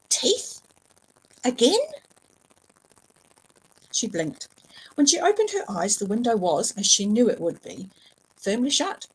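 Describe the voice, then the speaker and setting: A woman reads a novel aloud at home, her mid-range voice husky and the audio quality poor. She tells the story expressively and with lively energy, making the odd small slip and dropping in a filler here and there.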